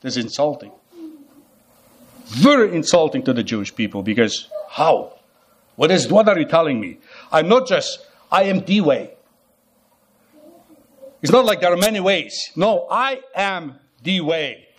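Emphatic higher-voiced male preacher. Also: sing-song, moderate pace, long pauses, breathy edge. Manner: emphatic, repeats phrases, asks the listeners rhetorical questions. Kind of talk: sermon.

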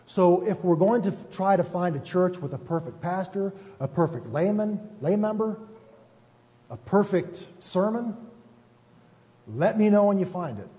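In a muffled, echoey church hall recording, a male pastor preaches a sermon in a chatty, self-deprecating, folksy style, repeatedly asking "right?". He speaks at a measured pace in a high-pitched, expressive, mellow voice from the sanctuary.

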